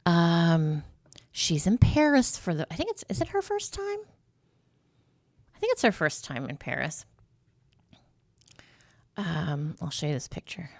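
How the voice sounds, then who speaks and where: A woman's voice: on the low side, huge pitch swings, measured pace, long pauses, dry recording. A middle-aged woman chatting casually to the camera as a vlogger, rambling through stories with asides and fillers. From United States.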